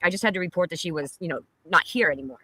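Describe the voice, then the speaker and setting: A woman's voice: lowish voice, very fast, bright, forceful tone, husky. A middle-aged woman from Pennsylvania, telling a personal story in a rambling, blunt and profane casual chat.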